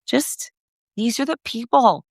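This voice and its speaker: A middle-aged woman, a race announcer, telling effusive, animated stories in a casual recap and acting out the quotes. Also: on the high side, slow, dry recording. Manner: effusive, animated storyteller who acts out quotes. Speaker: race announcer and podcast host.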